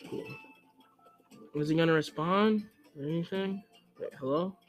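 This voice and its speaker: A young man giving casual gameplay commentary, chatty and excitable, who scolds the game character in sudden yelps. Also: fairly high pitch, measured pace, soft background music. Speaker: let's play gamer.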